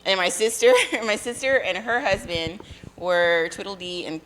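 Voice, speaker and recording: Woman, thirties, deep for a woman, casual chat, rambling storyteller, frequent laughter. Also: a little slow, a bit bright. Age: 30s.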